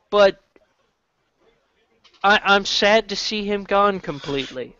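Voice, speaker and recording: A man's voice: high voice, takes it slowly, pauses often, pushed and bright, clear, resonant tone, dry recording. A man from Canada hosting a casual chat, rambling with restarts and casual swearing. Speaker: podcast host. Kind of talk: casual chat about wrestling. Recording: dull lo-fi dry recording.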